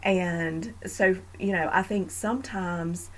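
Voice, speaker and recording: A woman's voice: on the low side, slow, poor audio. Earnest woman podcast host on faith. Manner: earnest, reflective, with frequent fillers.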